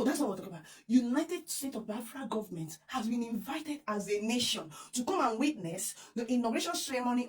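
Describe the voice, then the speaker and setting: A woman with a Nigerian accent hosting an excited news vlog, effusive and giggly, repeating her appeals to viewers. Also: mid-range voice, far from the mic, slight background noise. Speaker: vlogger.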